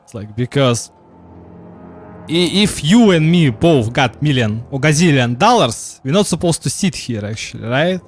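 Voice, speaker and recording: A man's voice: mid-range voice, expressive, moderate pace, slight background noise. A man from Russia with a Russian accent, talking casually while he plays a game, rambling with frequent restarts, fillers and laughs. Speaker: streamer. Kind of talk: casual gameplay commentary. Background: game music.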